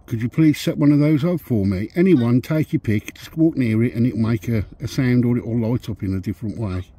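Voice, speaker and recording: A man's voice: medium pitch, mellow, slightly rough. Brummie man calling out to spirits. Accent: Birmingham. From Birmingham, England. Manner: slow, coaxing, polite questioning. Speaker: paranormal investigator. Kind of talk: calling out to spirits on a ghost hunt. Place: outdoors at night by a railway track.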